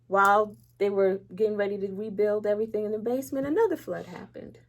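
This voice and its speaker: A woman's voice: medium pitch, fast. A woman speaking as an interview guest, giving a candid faith testimony, acting out what others said and laughing lightly between serious words. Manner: candid and emotional, acts out quoted speech. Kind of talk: personal faith testimony in conversation.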